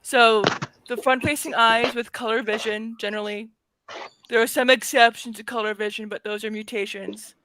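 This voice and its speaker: A woman co-hosting a casual podcast, calmly explaining science step by step. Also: a little high, moderate pace. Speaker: co-host.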